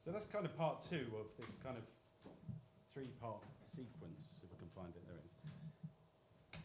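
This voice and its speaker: Soft-spoken man reading poems. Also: medium pitch, big pitch swings, noisy background. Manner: soft, reflective, with halting restarts. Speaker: poet guest on a podcast. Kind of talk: introducing and reading his own poems.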